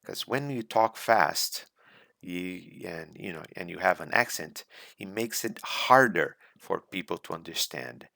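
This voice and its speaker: A low-voiced man with a gravelly edge teaches students for a speaking exam, recorded close in a dry room. He talks deliberately, repeating his main points as he coaches. English is not his first language. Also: lively intonation, bright, forceful tone, no echo. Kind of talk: recorded slideshow lecture.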